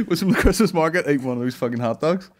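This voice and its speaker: A man's voice: fairly high pitch, huge pitch swings, normal speed. A young Northern Irish man hosting a podcast, telling crude jokes in a sweary, giggly, storytelling way. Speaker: podcast host. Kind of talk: crude comedic banter.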